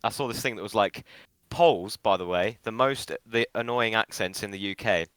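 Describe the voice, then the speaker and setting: A man co-hosting a casual podcast, teasing his friend in a laid-back way. His voice is on the low side with a bright edge, and it sounds close and dry. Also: moderate pace, smooth, dry recording, poor audio. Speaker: podcast co-host.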